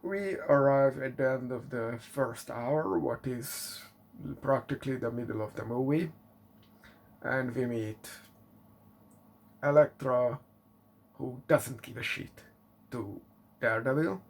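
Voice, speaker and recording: A man reviewing a movie in English, often asking exasperated rhetorical questions and filling pauses with fillers. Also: mid-range voice, creaky. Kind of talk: casual spoken movie review.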